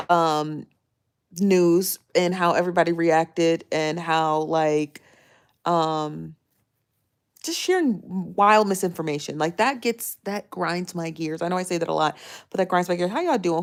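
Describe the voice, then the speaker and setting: A woman's voice: on the low side, a little slow. Chatty woman on a live stream. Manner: rambling, greets viewers by name, many fillers. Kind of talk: casual live-stream chat.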